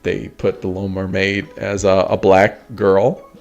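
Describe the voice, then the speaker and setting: A man in his forties talking casually as a host, laughing often and mimicking others in a mocking high voice. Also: completely flat delivery, measured pace, vocal fry, darkish tone, lo-fi sound, faint music behind. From United States. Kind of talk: casual chat.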